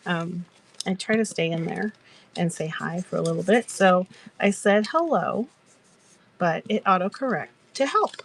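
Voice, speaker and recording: A woman's voice: on the low side, normal speed, gravelly. Giggly woman chatting while crafting. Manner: giggly, rambling storyteller. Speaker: crafter and live-selling host. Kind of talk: casual crafting chat.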